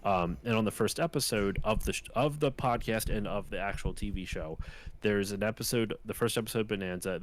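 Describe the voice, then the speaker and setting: A man's voice: on the low side, dry recording. A young man co-hosting a live-streamed chat show, telling a story casually with many restarts and asides. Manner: rambling, self-interrupting storyteller. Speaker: podcast co-host.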